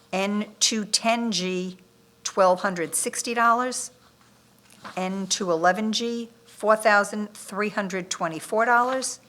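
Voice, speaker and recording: A woman at a town bid opening reads item codes and dollar amounts in order. She speaks slowly and deliberately, with a crisp, bright tone. Her delivery stays steady and methodical from one figure to the next. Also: medium pitch. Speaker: municipal official reading bids. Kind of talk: reading bid figures aloud at a public opening. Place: town government meeting room.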